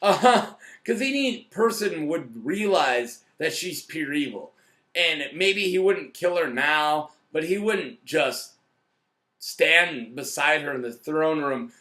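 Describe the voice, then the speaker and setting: A man talking through a TV episode review in a loose, ranting way, cursing freely and circling back on himself mid-sentence. His voice sits a little high and rings bright and forceful. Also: animated, slow pace. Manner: profane and blunt, rambling with restarts. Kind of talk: casual rant-style review.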